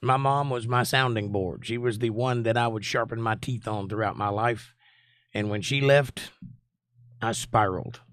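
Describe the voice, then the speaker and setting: A man's voice: fairly low pitch, normal speed, a bit bright, no echo, clean studio sound. A man in his forties with a Southern US accent, hosting a livestream and chatting in a folksy way with viewers. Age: 40s. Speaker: host. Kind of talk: casual livestream chat.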